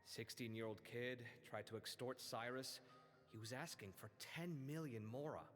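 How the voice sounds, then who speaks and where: An actor playing an excitable young male architect who talks in a chatty, animated way in game audio. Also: mid-range voice, moderate pace, natural voice. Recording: game audio with faint music.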